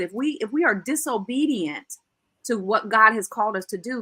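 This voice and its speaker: A woman radio host with a bright, ringing voice talks with growing passion. She builds her points like a preacher, stressing words and repeating lines for effect. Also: fairly high pitch, brisk, slightly rough. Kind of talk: talk show chat turning preachy.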